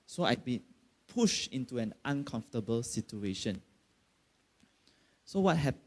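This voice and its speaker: A man's voice: medium pitch, a little mellow. Malaysian-accented man preaching conversationally. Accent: Malaysian English. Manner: conversational, many fillers, rising to emphatic outbursts. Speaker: pastor. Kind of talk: sermon.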